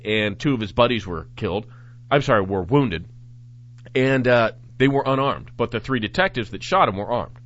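A man hosting a talk show, reading news reports aloud and commenting on them in a sarcastic, animated way. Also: mid-range voice. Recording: dull lo-fi audio.

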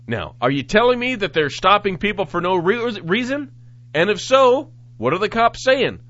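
A man hosting a talk show, reading news reports aloud and commenting on them in a sarcastic, animated way. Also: high-pitched, moderate pace. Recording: dull lo-fi audio.

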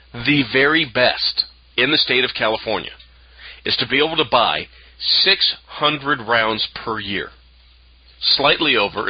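Husky-voiced male talk radio host. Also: medium pitch, no room sound. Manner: emphatic, argumentative, lecturing. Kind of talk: opinion talk radio monologue. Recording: dull lo-fi radio broadcast.

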